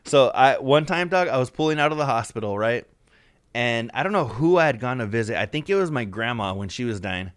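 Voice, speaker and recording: A man's voice: medium pitch, lively intonation, brisk, clear, resonant tone, dry recording, clean studio sound. A man co-hosting a podcast, telling a profane, rambling story full of fillers in casual chat. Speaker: podcast co-host.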